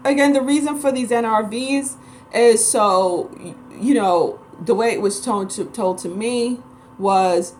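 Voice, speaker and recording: With a mid-range voice and slight background noise, a woman from New York City, a Reiki practitioner and spiritual vlogger, delivers a casual, rambling monologue to camera. She's blunt and emphatic throughout.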